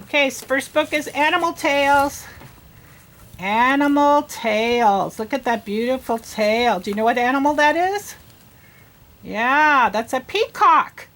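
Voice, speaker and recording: A woman reading teacher leads an early reading lesson for young children. Her voice sits high and she speaks slowly, stretching out each letter sound. She keeps asking the kids encouraging questions. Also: fairly bright tone. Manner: slow, sounding out letters and words.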